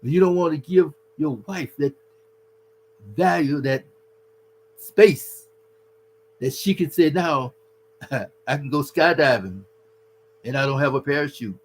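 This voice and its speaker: A man's voice: fairly high pitch, takes it slowly, long pauses, low-quality recording. A man giving earnest, preachy relationship advice to husbands, calling the listener his brother. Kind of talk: casual advice talk.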